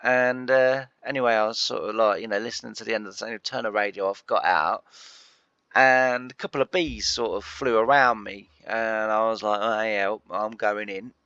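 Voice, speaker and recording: A man's voice: on the low side, steady tone, moderate pace, sharp tone, clear, resonant tone, no echo, muffled recording. A man, host of a farming game channel, chatting through a long rambling anecdote with lots of fillers and chuckles while he plays. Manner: chatty, full of fillers, laughs at his own story.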